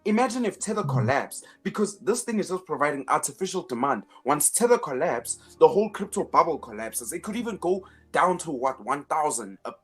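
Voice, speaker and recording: Husky man explaining finance emphatically. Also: fairly high pitch, very animated, fairly quick, hardly any pauses, fairly bright tone, soft background music. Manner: emphatic, repeats words while building a point; sarcastic asides. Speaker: finance show host. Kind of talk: casual explanatory commentary.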